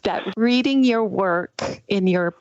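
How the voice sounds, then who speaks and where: A woman hosting a podcast, reading a warm, enthusiastic introduction and then interviewing her guest. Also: mid-range voice, slow, no echo, highs cut off. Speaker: podcast host.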